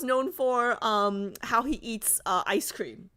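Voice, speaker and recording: A woman's voice: on the high side, takes it slowly, few pauses, pushed and bright, clear, resonant tone. A woman streamer in casual livestream chat, chatty and giggly, reading viewer comments aloud.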